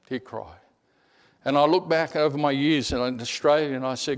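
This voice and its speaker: A middle-aged man delivers a sermon built on personal stories. He swings between animated telling and hushed, almost whispered moments, often repeating words as he goes. His pitch sits in an ordinary middle range. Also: normal speed, gravelly. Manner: animated storyteller, repeats words, drops to a hush. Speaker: preacher.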